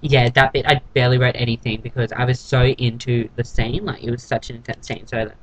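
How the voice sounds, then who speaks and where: A young-sounding man, chatting straight to camera in a casual vlog recap. His voice sits at an everyday middle pitch, and his tone is catty and sarcastic as he dishes out gossip. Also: flat delivery, a little fast, fairly bright tone, rough recording. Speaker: TV episode reviewer.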